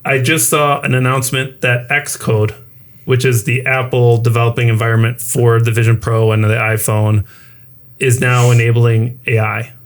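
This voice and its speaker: A man's voice: medium pitch, flat delivery, moderate pace. A man co-hosting a casual podcast chat, animatedly retelling his own reactions. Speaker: co-host, new media professor.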